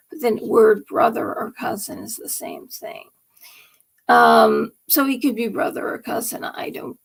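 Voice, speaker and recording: A woman with a gravelly, fry-laden voice, pitched a little high, delivers a rambling late-night monologue on her live stream. She talks slowly and with emphasis, now and then sinking into a hushed whisper. It sounds like a solo host speaking straight to her viewers.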